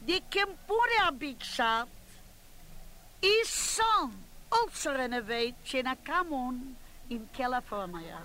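A woman's voice: high voice, lively intonation, takes it slowly, sharp tone, full character voice, poor audio. A woman playing an older, gossipy and bossy chairwoman who runs a club meeting, chatting and scolding as she keeps cutting herself off. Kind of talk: comic character monologue.

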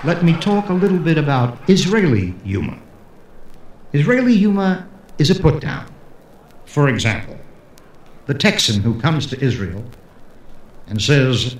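A man's voice: fairly high pitch, a little slow, pauses often. A man telling a string of jokes as a stand-up comedian, in a storytelling manner. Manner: storytelling, animated delivery. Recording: echoey room, faint hiss.

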